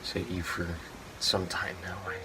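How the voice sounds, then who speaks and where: A man doing a deep, nervous suitor. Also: monotone, recorded from a distance, heavy background noise, lightly acted. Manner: nervous, halting earnest proposal.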